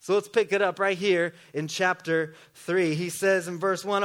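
A man preaching a sermon in a relaxed, conversational way with joking asides. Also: on the high side, measured pace. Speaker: pastor.

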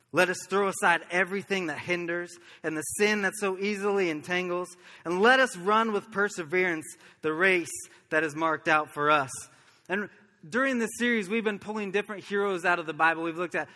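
A pastor from Oklahoma preaching a sermon, telling stories earnestly and chuckling now and then. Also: male voice, high voice, bright, forceful tone, long reverb tail. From Oklahoma, USA.

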